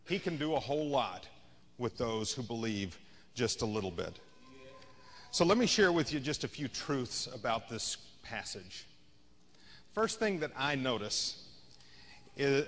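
A man's voice: medium pitch, fairly bright tone. Male pastor, mid-range voice, chatty preaching that swells and drops, recorded in a church with a long echo. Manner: conversational preaching, rising and falling in intensity. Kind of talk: sermon. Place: church sanctuary.

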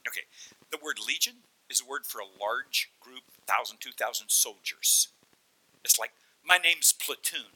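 A man preaching a sermon, telling the story in an animated way and acting out the voices as he goes. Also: medium pitch, moderate pace, husky, poor audio. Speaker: pastor.

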